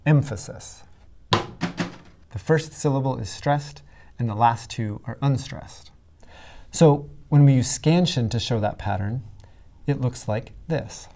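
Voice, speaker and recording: A male writing instructor narrates a scripted lesson with a mellow, relaxed tone at a middling pitch. He speaks clearly and deliberately and stresses his example words heavily. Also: a little hiss or hum.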